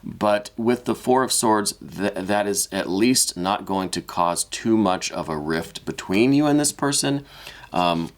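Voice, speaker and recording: A man giving a weekly tarot reading, speaking gently and hesitantly, with many restarts, and openly emotional and apologetic. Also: fairly low pitch, animated, unhurried. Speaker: tarot reader.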